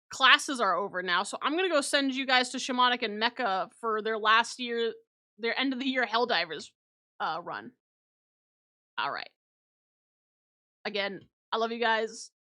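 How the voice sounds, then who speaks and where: A young woman streamer rambling warmly through her year-end thank-yous, with many fillers and restarts. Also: on the high side. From a small remote place. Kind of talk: casual stream sign-off chat.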